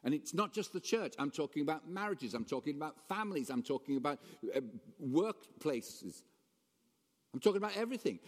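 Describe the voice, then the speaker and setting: Guy preaching, voice rings round the church hall, goes loud then drops to quiet asides. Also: fairly high pitch, brisk. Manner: animated, shifts between raised emphasis and quiet asides. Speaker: pastor. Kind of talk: sermon. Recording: long reverb of a church hall.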